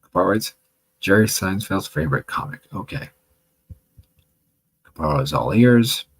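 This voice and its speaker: A man hosting a livestream, reading viewer comments aloud with a chatty, wry manner and a gravelly voice. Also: fairly low pitch, sing-song, unhurried, slight background noise, low-quality recording. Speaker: livestream host reading chat. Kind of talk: casual livestream chat.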